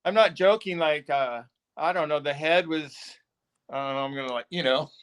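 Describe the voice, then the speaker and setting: A man's voice: a little high, normal speed, fairly bright tone, a little hiss or hum. A man as a podcast guest, telling stories in a rambling way with lots of chuckles and filler words. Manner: rambling, chuckling, says "like" and "dude". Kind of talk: casual interview storytelling.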